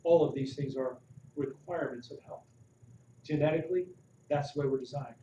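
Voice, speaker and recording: A man giving a live health talk to an audience, asking them questions with animated emphasis. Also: medium pitch, a little fast. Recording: roomy, distant, dull audio with faint noise.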